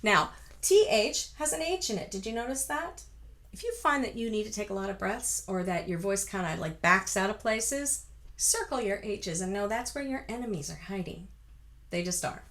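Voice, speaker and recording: A woman's voice: mid-range voice, lively intonation, moderate pace, a bit bright. A woman vocal coach from the United States giving a chatty, encouraging singing lesson, breaking into full-voiced sung examples.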